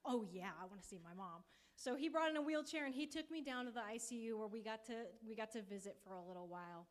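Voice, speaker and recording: A woman's voice: on the high side, fairly even intonation, fast. Young woman with a light, joking delivery. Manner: light, joking, laughs as she talks. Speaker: conference speaker. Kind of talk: personal testimony talk.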